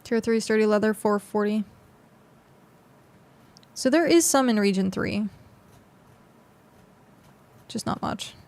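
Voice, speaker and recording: A woman's voice: medium pitch, slow pace, long pauses, a little mellow. A young woman streaming a game, chatting casually and rambling with lots of fillers as she plays. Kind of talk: casual gameplay commentary.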